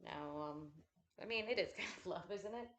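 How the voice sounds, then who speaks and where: A woman's voice: on the low side, lively intonation, moderate pace, a bit bright. A woman chatting casually at home while folding laundry, rambling and swearing freely with self-deprecating asides.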